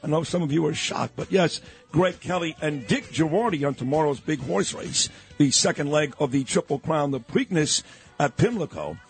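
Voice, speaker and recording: A man hosting a talk radio show, brash, fast and emphatic. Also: on the high side, soft background music. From New York. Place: radio studio.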